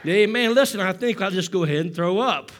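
A man with a high voice preaches to his congregation, calling for responses and answers. He drops to a hushed, breathy storytelling tone, then climbs back into loud, ringing exhortation. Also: fairly quick, a little hiss or hum. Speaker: pastor. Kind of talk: sermon.

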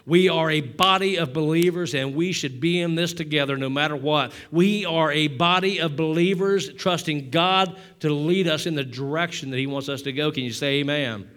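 A middle-aged male pastor delivering a sermon, exhorting the congregation in a repetitive preaching cadence that builds to loud fervor. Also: on the high side. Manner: self-deprecating asides to the congregation.

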